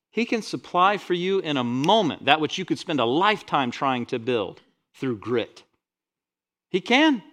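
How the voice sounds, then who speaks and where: Male pastor, slightly high voice, dynamic sermon delivery swinging between loud and soft. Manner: dynamic preaching, rising loud on scripture, dropping soft on asides.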